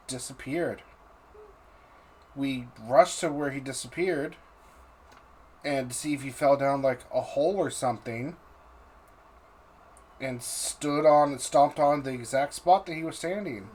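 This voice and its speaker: A man narrating a tabletop game as game master, pausing and restarting often. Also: mid-range voice, darkish tone. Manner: halting, with restarts and fillers. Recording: faint background noise.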